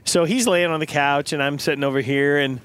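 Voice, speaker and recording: A man's voice: on the high side, fairly quick, clear, resonant tone. A middle-aged man chatting casually as a co-host, telling stories with lots of laughter. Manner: animated storyteller, laughs often. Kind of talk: casual chat.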